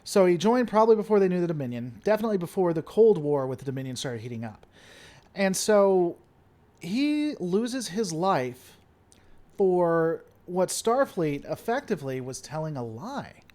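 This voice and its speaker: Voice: mid-range voice, big pitch swings, moderate pace, a little mellow. A livestream host chatting casually and answering viewer comments, playful and theatrical, often repeating stalling phrases.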